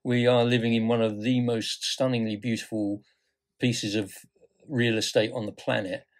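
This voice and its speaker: Lively older man chatting. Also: mid-range voice, moderate pace. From United Kingdom. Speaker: podcast co-host. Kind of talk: casual conversation.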